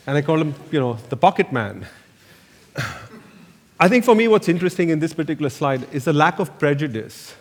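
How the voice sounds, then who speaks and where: A man's voice: fairly high pitch, animated, fairly quick. A man, an architect giving a slide lecture, telling loose anecdotes full of "you know" fillers. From India. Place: lecture hall. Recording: echoey lecture hall reverb.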